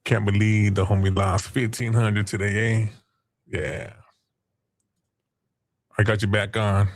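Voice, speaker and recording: Brief: livestream host, male, low voice, mocking trash talk, swears freely. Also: steady tone, slow pace, no echo. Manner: taunting, trash-talking chat users; crude, profane slang. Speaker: stream host. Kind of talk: casual livestream chat.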